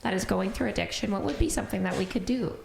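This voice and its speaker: Woman hosting a podcast, earnest and emotional, bit of vocal fry, echoey room. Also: medium pitch, fast talker, noisy background. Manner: earnest, emotional, speaks openly about grief. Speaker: podcast host, bereaved parent. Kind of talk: heartfelt conversational podcast talk.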